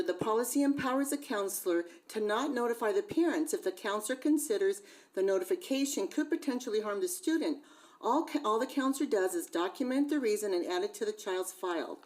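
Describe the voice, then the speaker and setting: A woman's voice: mid-range voice, darkish tone, low-quality recording. A woman reading a prepared public comment at a school board meeting, asking a series of pointed questions into a podium microphone. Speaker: parent speaking at public comment.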